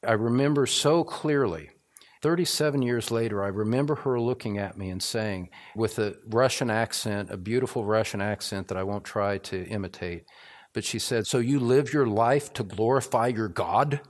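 A man's voice: fairly low pitch, normal speed. A middle-aged man preaching a sermon as pastor, earnest and building to fervent, repetitive emphasis.

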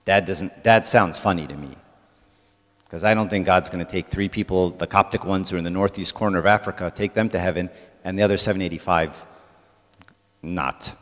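A man's voice: sits low, steady tone, a little fast, a bit bright, in a large hall. A man giving a conversational church talk to a congregation, often checking in with "right?". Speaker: church speaker.

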